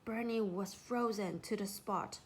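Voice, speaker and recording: Woman storyteller, children's storybook, slow measured pace, mid pitch. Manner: unhurried, expressive narration.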